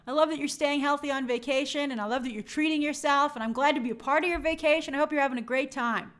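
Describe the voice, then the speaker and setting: A woman's voice: high voice, fast, a bit bright. A young woman hosting a movie live stream, chatting upbeat and reading out viewer comments.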